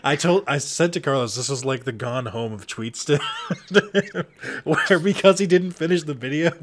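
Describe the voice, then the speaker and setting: Lively, teasing man in casual chat. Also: on the high side, moderate pace, a little hiss or hum. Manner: teasing, laughs often. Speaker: podcast co-host.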